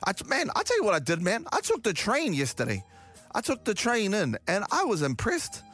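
A young man with a New Zealand accent hosting a casual morning radio show, joking and swearing, with loud hyped-up openings. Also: sits high, huge pitch swings, a little fast. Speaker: radio host.

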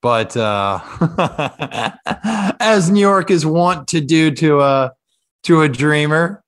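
A man's voice: fairly high pitch, expressive, slow, a bit bright, smooth. Self-deprecating comedian man from Kansas. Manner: self-deprecating, dry joking with hesitant fillers. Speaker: comedian guest. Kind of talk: casual podcast chat.

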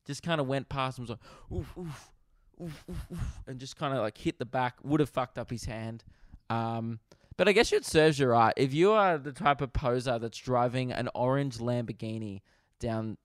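A man's voice: mid-range voice, moderate pace, no echo, clean studio sound. A young Australian man hosting a podcast, telling a funny story in a laid-back way, swearing freely and laughing at himself. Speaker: podcast host. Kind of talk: casual storytelling.

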